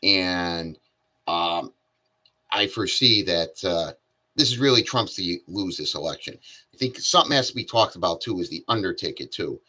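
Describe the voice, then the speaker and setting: A man giving casual political commentary alone, halting often with fillers and restarts. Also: low voice, animated, sharp tone. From Connecticut.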